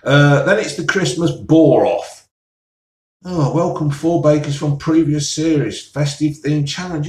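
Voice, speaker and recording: A man's voice: a little high, expressive, moderate pace, a little mellow. Grumbling man, roomy sound. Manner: grumbling, sarcastic, sighing. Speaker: vlogger reviewing TV listings. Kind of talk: casual solo rant. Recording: roomy, mic at a distance.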